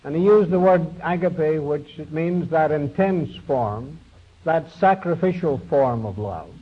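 A man's voice: a little high, unhurried, husky. A man preaching a sermon, retelling a Bible story in a folksy, conversational way and voicing its figures with small shifts. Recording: dull lo-fi recording.

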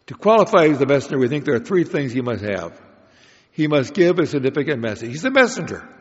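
A man's voice: medium pitch, big pitch swings, quick pace. Man lecturing in an echoing hall. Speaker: Bible study speaker. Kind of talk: prepared Bible lecture. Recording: dull lo-fi recording in a reverberant hall.

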